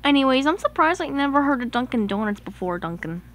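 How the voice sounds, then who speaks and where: A woman voicing an excitable, giddy male engine in a homemade toy play. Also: high-pitched, fast talker.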